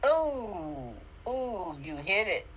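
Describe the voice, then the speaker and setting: A woman's voice: mid-range voice, sing-song, extremely slow, a little hiss or hum, poor audio. A woman in her sixties co-hosting a podcast, chatting in a reflective, affirming way with emphatic turns. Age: 60s. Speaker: podcast co-host. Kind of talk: casual chat.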